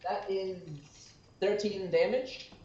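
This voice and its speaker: A man's voice: sits high, fairly even intonation, slow, a little mellow, slight background noise. A man playing a tabletop game, playful and laughing as he goes. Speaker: player. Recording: roomy, distant, dull recording.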